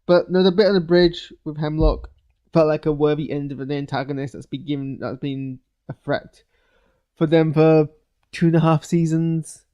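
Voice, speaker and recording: Rambling man with a mellow voice. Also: a little high, steady tone, moderate pace, clear, resonant tone. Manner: rambling, many restarts and fillers. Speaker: show reviewer. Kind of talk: casual live reaction commentary.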